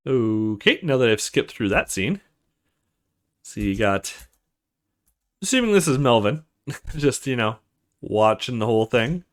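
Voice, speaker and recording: A man's voice: medium pitch, lively intonation, a little slow, pauses often, soft background music. Chatty man doing let's-play commentary. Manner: chatty, reads the game dialogue aloud. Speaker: gamer playing a visual novel.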